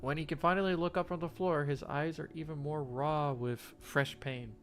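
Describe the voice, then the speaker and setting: A man reading a game's story text aloud, slow and halting, with faint game music behind him. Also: a little high, fairly even intonation. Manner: shouts profanity at a game character; reads narration quietly and haltingly. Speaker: gamer reading a visual novel aloud.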